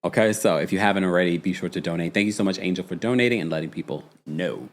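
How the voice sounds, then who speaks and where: A man's voice: low voice, fast talker. Sassy man recapping reality TV. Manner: animated, sassy gossip with mimicry. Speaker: host. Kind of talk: casual reality-TV recap livestream.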